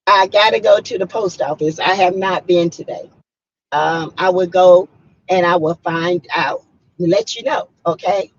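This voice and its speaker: A hoarse woman, chatting casually and emphatically on a livestream and greeting viewers by name. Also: on the low side, very animated, measured pace, slight background noise. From South Carolina. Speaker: livestream host. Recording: muffled lo-fi audio.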